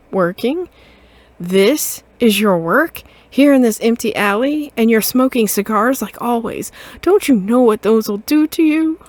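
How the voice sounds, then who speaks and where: A woman voicing a bossy, loud mother cat who scolds her grown son in a game. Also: on the low side, sing-song, drawn-out words, pauses often, no room sound, exaggerated voice. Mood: scolding. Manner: shouting, scolding, indignant. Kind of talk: game voice acting.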